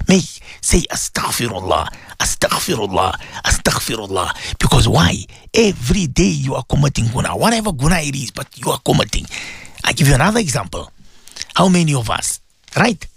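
A man's voice: fairly high pitch, big pitch swings, brisk, creaky, husky, no room sound. A man preaching an Islamic sermon to radio listeners, emphatic and repetitive, often asking them questions. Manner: emphatic, repeats phrases, asks listeners questions.

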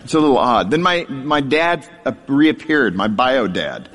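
A man speaking at an ordinary pitch in a storytelling sermon. He mixes a personal testimony with a wry, self-deprecating humor. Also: big pitch swings, unhurried, fairly bright tone, big-room sound, a little hiss or hum. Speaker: speaker sharing his testimony.

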